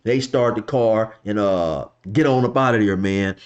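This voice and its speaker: A man's voice: on the low side, unhurried, highs cut off. A man casually telling a story from his past in loose slang, filling it with "you know" and "man.". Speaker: vlogger telling a street story.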